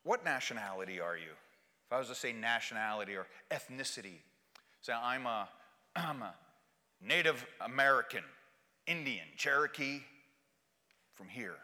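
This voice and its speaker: A man preaching a sermon, swinging from hushed lines to shouted refrains and bantering with his congregation. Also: medium pitch, animated, normal speed, long pauses. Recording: long hall reverb.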